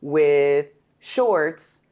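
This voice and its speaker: A woman hosting a podcast interview, talking in an animated, emphatic way and laughing often. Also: low-pitched, very slow. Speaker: podcast host. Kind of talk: casual conversational interview.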